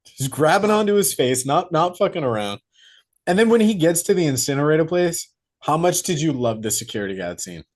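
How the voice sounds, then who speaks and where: A man's voice: on the high side, big pitch swings, brisk. A man co-hosting a casual movie review podcast, acting out scenes in put-on voices and swearing freely. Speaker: podcast co-host.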